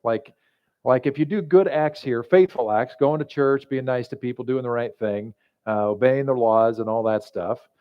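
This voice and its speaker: A man's voice: mid-range voice, normal speed, clear, resonant tone. A male pastor giving a sermon in a conversational, joking storytelling manner, in a slightly muffled recording.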